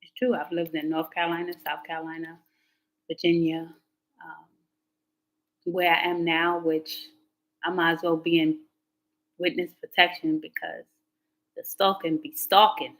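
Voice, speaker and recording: A woman's voice: low-pitched, little pitch movement, measured pace, pauses often, fairly bright tone, rough recording. A woman tarot reader talking casually to her livestream viewers, candid and slangy. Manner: chatty and candid, slangy, talks back to chat comments.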